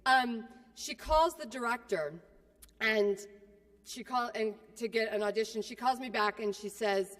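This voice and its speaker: A woman from California delivers a keynote as loose, self-mocking comic storytelling. Her voice sits high and she talks in a brash, chatty way. The sound carries the long echo of a large hall. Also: unhurried, fairly bright tone. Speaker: keynote speaker.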